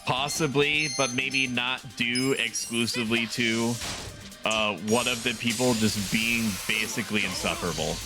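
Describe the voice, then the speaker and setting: A man's voice: mid-range voice, moderate pace. A young adult man streaming a game, chatting casually in a rambling, self-deprecating way with chuckling asides. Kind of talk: casual gaming stream commentary. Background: game music.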